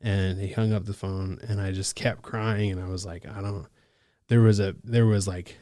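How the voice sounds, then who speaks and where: Male guest from Alaska, case manager, low register, slangy casual storyteller, dry close mic. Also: flat delivery, mellow, no echo. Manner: loose, slangy talk full of "like" and "bro", quick to laugh.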